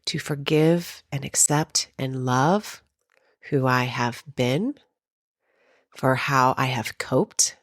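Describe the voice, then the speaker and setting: A podcast host with a low-pitched voice tells her own story in a candid, unfiltered way, swearing freely. The recording is dry and close, with no room sound. She is a woman speaking from raw personal experience. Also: dry recording. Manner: candid, profane, emotionally raw.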